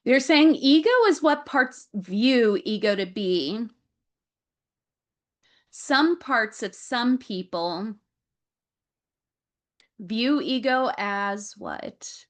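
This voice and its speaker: Slow-speaking woman relaying a reading. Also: on the high side, expressive. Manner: slow, repeats words and relays what she is shown. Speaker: Akashic Records reader. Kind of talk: channeled reading on a video call. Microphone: video call.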